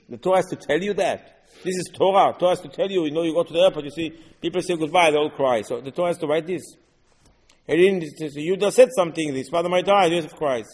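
Animated man teaching Torah, echoing hall. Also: a little high. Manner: animated, rhetorical questions, quotes verses in Hebrew. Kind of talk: Torah class in English.

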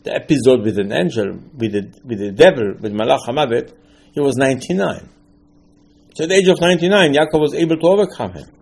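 Gravelly emphatic man giving a sermon. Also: mid-range voice, expressive, fast talker. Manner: emphatic, rising to loud bursts, non-native grammar. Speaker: rabbi.

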